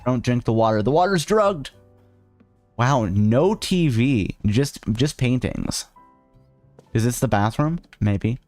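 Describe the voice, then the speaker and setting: A man's voice: medium pitch, expressive, takes it slowly, a little mellow, no echo, soft background music. A man streaming a video game, joking and ranting sarcastically while reading the on-screen text aloud. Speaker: VTuber streamer. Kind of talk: casual let's-play commentary.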